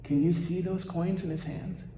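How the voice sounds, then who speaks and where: A man voicing a fair-minded male judge in an even, reasonable tone within a sermon story. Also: high-pitched, normal speed, roomy sound, long reverb tail, noisy background, voice pushed up, natural voice. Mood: calm.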